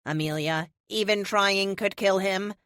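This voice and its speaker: A woman voicing a calm artificial intelligence built into power armor, speaking formally and evenly. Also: medium pitch, measured pace, clear, resonant tone, no room sound, studio quality, close to an everyday voice. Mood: warning.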